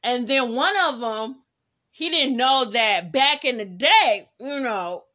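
A young woman with a Bay Area accent, hosting a podcast and telling a personal story in a candid, animated way, talking straight to her listeners. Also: fairly high pitch, takes it slowly, highs cut off. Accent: San Francisco Bay Area. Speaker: podcast host. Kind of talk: casual storytelling.

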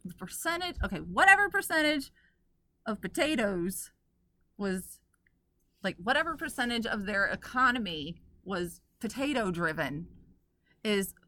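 A woman's voice: mid-range voice, big pitch swings, unhurried, pauses often, sharp tone. A woman co-hosting a podcast in casual chat, earnestly explaining her point and laughing along. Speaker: podcast co-host.

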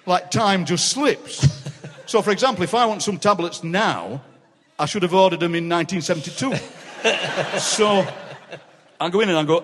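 Yorkshireman in his 60s, comic storyteller, fairly high voice, big hall reverb. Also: moderate pace. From Yorkshire, England. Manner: animated, laughing anecdotes with voices. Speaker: guest poet. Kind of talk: comic storytelling in a live interview. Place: large city hall, live audience.

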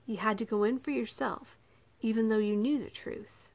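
A calm, persuasive young prince, read by a woman. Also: a little high, moderate pace, close to an everyday voice. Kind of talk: audiobook character reading.

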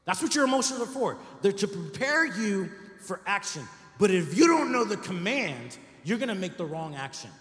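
High-voiced pastor preaching in an echoey hall. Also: male voice, sing-song, moderate pace, hardly any pauses, a bit bright. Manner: conversational preaching with frequent "right?" asides. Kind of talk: sermon. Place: church sanctuary.

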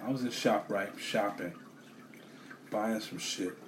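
A man telling a story as a profane rant, animated, swearing a lot and repeating himself. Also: fairly low pitch, slow pace, background noise.

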